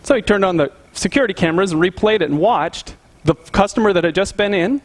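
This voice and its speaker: Chatty male pastor with a slightly high voice. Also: fast talker. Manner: conversational storytelling, chuckling. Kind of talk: sermon.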